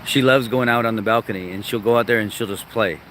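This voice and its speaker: A man's voice: fairly low pitch, fast, fairly bright tone, slight background noise, rough recording. A man hosting a casual morning livestream outdoors, chatting about his dogs and talking to them. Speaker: livestream host.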